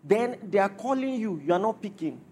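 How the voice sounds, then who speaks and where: High-voiced man preaching emphatically. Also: lively intonation, brisk, a little mellow, husky. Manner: emphatic, repeats rhetorical questions. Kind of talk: sermon.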